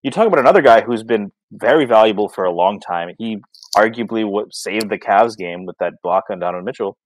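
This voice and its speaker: A man's voice: fairly low pitch, lively intonation, a little fast, no echo, rough recording. Rambling man on a dry mic. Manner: rambling, many fillers and restarts. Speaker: podcast co-host. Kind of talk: casual sports chat.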